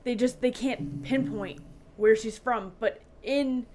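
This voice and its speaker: A woman with a somewhat high voice talks through a story in a loose, chatty way, full of "like" and restarts. Faint noise sits under her voice. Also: slow pace, a little mellow. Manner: chatty, storytelling with many fillers. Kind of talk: casual podcast chat.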